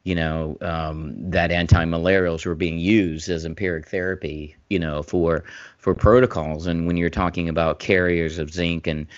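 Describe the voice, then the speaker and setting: A low-voiced man co-hosting a podcast, talking in long winding runs full of restarts and growing emphatic as he makes his point. His voice sits deep, and the recording is dry and a little dull, as if through a remote mic. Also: moderate pace, no echo. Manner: rambling, restarts, grows animated and emphatic. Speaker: podcast co-host, former physician. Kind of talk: casual podcast conversation.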